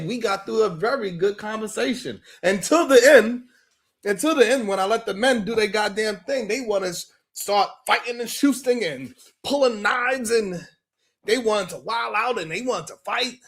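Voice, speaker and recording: A man hosting a live stream, chatting casually, laughing often and greeting viewers by name as he talks. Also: high-pitched.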